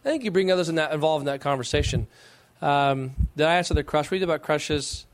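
A middle-aged pastor speaks with a fairly high voice. He takes questions from young women in an animated preaching manner. He leans into slow, emphatic phrases that rise as he presses a point.

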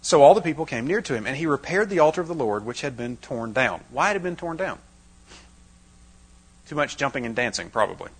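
A man's voice: medium pitch, very animated, fairly quick, breathy edge, poor audio. A man preaching a Bible-teaching sermon to a live audience, dramatizing the scripture with wry asides.

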